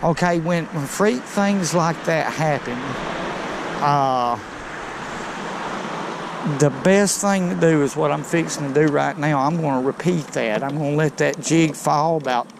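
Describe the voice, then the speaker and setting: Guy fishing off a boat, kinda high voice, gets all worked up talking to the camera, faint outdoor noise. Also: measured pace, creaky. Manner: excitable, talks straight to viewers. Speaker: fishing vlogger. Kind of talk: casual narration while fishing.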